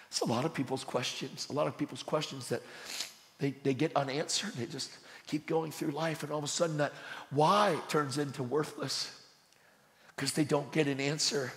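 A man preaching a sermon in a church, swinging from loud, urgent bursts to hushed, low passages. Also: fairly even intonation, normal speed. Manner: intense, swings from shouting to hushed. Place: church sanctuary. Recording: roomy hall with long reverb.

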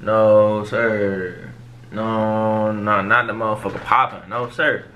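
A man's voice: on the low side, little pitch movement, slow, fairly bright tone, lo-fi sound, slight background noise. A young man hosting a music reaction video, talking in casual, profane street slang and cutting in over the song.

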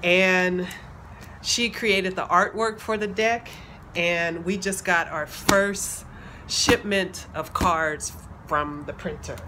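A woman, excitedly chatting to her viewers, laughing and calling them y'all. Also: fairly low pitch, slow, poor audio. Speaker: playwright unboxing a project deck. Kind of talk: casual vlog talk. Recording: background noise.

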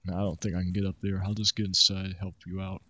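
Low husky man bantering over a game. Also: little pitch movement, quick pace, bright, forceful tone. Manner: joking, easygoing banter. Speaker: gamer. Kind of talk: casual gaming chat.

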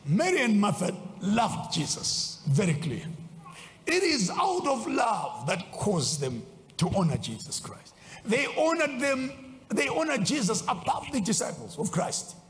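Bishop guy preaching, lively swoopy voice, big hall echo. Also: a little slow. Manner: animated, swinging between loud exclaims and low asides. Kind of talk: sermon. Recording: long hall reverb.

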